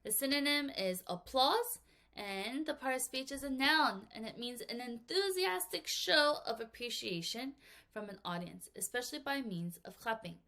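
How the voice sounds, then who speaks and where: A woman's voice: on the high side, moderate pace. A woman teaching English vocabulary to children, reading examples aloud and acting out little scenes in playful voices. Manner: lively, acts out little examples in silly voices and whispers. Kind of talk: vocabulary lesson for kids.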